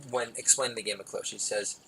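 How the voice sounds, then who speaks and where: A man rambles through a comic monologue as podcast host. He is self-deprecating and digressive and keeps breaking into loud, emphatic bursts. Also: fairly low pitch, steady tone, fast talker, vocal fry, breathy edge, low-quality recording.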